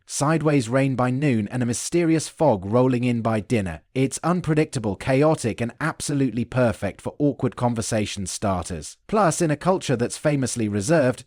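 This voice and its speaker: Dry-witted British narrator, deadpan delivery. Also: male voice, mid-range voice, no room sound. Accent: British English. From United Kingdom. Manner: dry, wry, deadpan wit. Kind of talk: scripted explainer narration.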